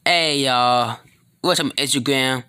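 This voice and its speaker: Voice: mid-range voice, takes it slowly, clean tone, no room sound, studio quality. A person performing an improvised comedy skit, rambling and stumbling over words as they talk. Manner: animated, talking to followers. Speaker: skit creator.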